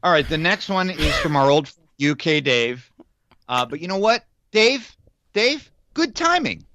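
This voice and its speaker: A man co-hosting a casual podcast chat, animated and playfully indignant. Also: on the high side, moderate pace, no room sound. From United States. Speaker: podcast co-host. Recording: dull lo-fi sound.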